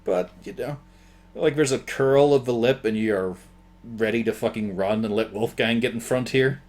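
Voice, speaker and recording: A man's voice: mid-range voice, normal speed, darkish tone. A man narrating as game master in a tabletop game, laughing often as he describes scenes.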